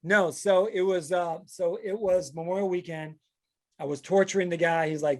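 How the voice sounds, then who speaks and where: This man's voice is high-pitched, keeping a moderate pace as he hosts a relaxed chat-show podcast. He's an animated storyteller who performs the quotes of the characters in his tales.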